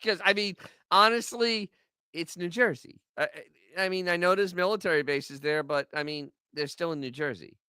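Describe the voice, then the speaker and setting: A man from Staten Island talks in a rambling, sarcastic way, restarting his sentences often. His voice is bright and clear, and it moves up and down a lot. The recording is dry and close. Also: sits high, normal speed, no room sound. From Staten Island, New York. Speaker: podcast co-host. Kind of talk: casual commentary chat.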